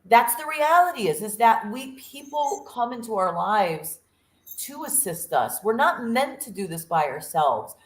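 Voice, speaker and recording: A woman's voice: a little high, sing-song, measured pace. Earnest woman co-host in an echoey room. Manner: earnest, storytelling, acts out quotes. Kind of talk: casual motivational chat.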